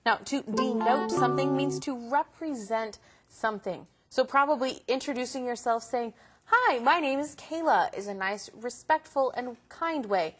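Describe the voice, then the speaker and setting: A woman co-hosting a lesson, giving clear definitions of words. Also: on the high side, normal speed, hardly any pauses, faint music behind. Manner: clear definitions, steady explaining. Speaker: radio lesson co-host. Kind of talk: explaining vocabulary.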